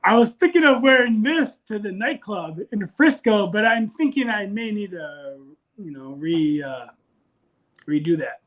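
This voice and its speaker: A man's voice: high-pitched, lively intonation, measured pace, a bit bright. A man calling in to a casual show over a video call, easygoing and laid-back. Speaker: caller.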